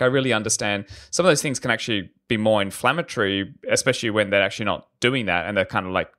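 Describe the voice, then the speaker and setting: A man's voice: fairly low pitch, fairly bright tone. A man hosting a podcast interview, easygoing, asking long rambling questions. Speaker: podcast host.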